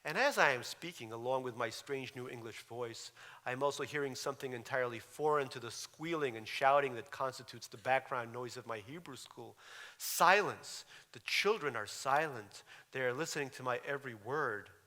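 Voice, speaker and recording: A man's voice: mid-range voice, moderate pace, sharp tone. Wry man reading aloud in a hall. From Russia. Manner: wry, dryly humorous. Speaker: author. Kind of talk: reading aloud from his memoir. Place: lecture hall. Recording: reverberant lecture hall.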